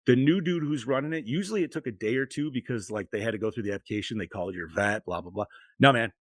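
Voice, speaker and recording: At a quick pace and medium pitch, a middle-aged podcast co-host chats casually, telling lengthy, rambling stories thick with profanity. There's no room sound.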